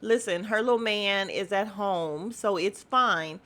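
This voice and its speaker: A woman's voice: medium pitch, measured pace, pushed and bright. A woman hosting a casual podcast, recapping a reality show in a sassy, blunt manner and swearing freely. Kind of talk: casual chat.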